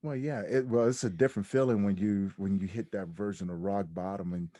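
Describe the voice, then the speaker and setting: Deep-voiced man telling his story. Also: fairly quick, dry recording. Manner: reflective, animated when quoting others. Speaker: podcast guest. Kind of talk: candid storytelling interview.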